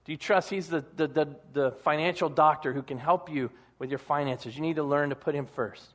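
A male pastor preaching a sermon in a conversational, animated storytelling manner. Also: on the high side, brisk.

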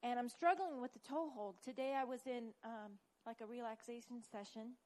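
Tearful woman speaking haltingly. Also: fairly high pitch, a little mellow, poor audio. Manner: hesitant, halting. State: near tears. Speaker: class member. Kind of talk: sharing a personal struggle.

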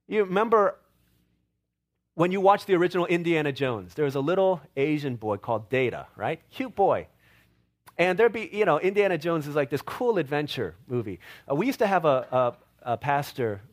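High-voiced man preaching with stories. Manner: storytelling with quoted voices and playful asides. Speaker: pastor. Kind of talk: sermon.

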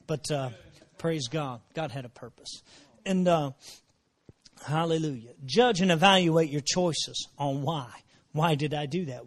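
A man preaching a sermon, repeating his phrases and dropping in praise exclamations, moving from low murmurs to shouted emphasis. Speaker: pastor.

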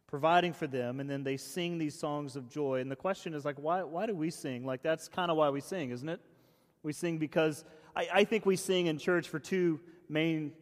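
A man preaching a casual, conversational sermon, often restarting phrases and saying "like" as he goes. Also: on the high side. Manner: casual, chatty, many restarts and "like". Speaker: pastor. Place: church hall. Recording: long church reverb.

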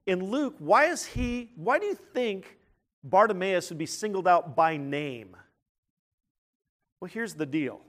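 High-voiced, animated man preaching a sermon. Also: slow, pauses often. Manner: animated, emphatic, with sudden loud outbursts; asks the listeners questions.

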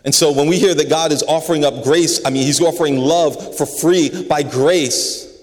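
A man's voice: fairly high pitch, steady tone, moderate pace, darkish tone. A man preaching a sermon in an earnest way, often repeating words as he stresses a point. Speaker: pastor. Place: large building. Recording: long reverb of a large hall.

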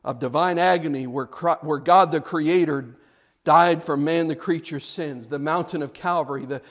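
A man preaching a sermon, dramatic, swinging between loud cries and hushed tones, often repeating words. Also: on the high side.

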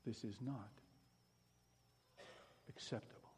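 A pastor giving a sermon, shifting from hushed, pleading passages to loud, emphatic preaching. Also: male voice, on the low side, steady tone, slow pace, big-room sound, a little hiss or hum.

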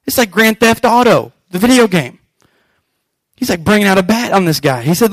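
A man preaching a sermon as pastor, animated and acting out scripture scenes. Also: high-pitched, normal speed, no echo, poor audio.

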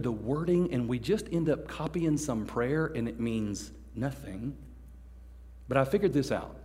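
A man preaching a sermon in a large hall, animated and joking, acting out the people he talks about. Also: medium pitch. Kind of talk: sermon to a youth service. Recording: long hall reverb.

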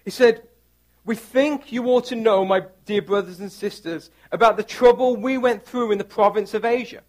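A pastor preaching a sermon, reading scripture aloud with earnest, rising emphasis. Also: male voice, high voice, moderate pace, darkish tone.

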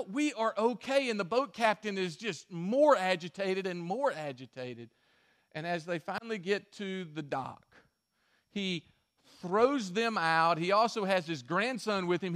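High-voiced man preaching a sermon. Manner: storytelling, swinging from emphatic to hushed. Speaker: pastor.

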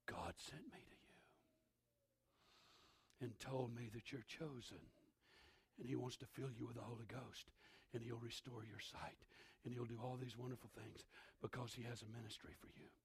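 Man acting out a scared male disciple, husky and slightly high, soft pleading delivery. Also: moderate pace. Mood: hushed. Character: timid male disciple, scared but earnest.

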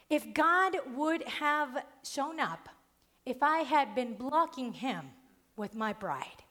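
High-voiced woman preacher, lively storyteller. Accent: non-native accent. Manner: lively storytelling, laughs often, stresses key words. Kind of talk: sermon with personal story.

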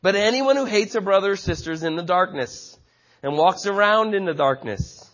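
A man's voice: high voice, a bit bright, highs cut off. A man preaching a sermon with passionate, emphatic delivery and frequent repetition. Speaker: pastor.

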